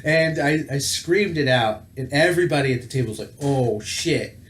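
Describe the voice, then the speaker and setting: A man's voice: medium pitch, lively intonation, quick pace, a bit bright. A man hosting a tabletop gaming channel tells a personal story in a casual, rambling way, full of fillers and self-corrections. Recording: roomy echo with faint background noise.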